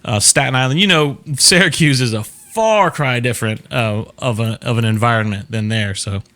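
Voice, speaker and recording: A man's voice: mid-range voice, moderate pace, bright, forceful tone. A man from Florida with a Southern accent, hosting a casual show and answering viewer questions in a rambling, chatty way. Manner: rambling, chatty, laughs often. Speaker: show host.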